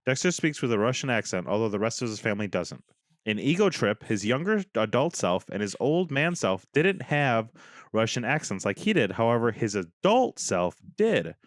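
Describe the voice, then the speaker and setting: A man's voice: medium pitch, very animated, moderate pace, no echo, studio quality. A man co-hosting a podcast, chatting casually, cursing freely and jokingly reading things aloud from his screen. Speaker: podcast co-host. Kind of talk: casual chat.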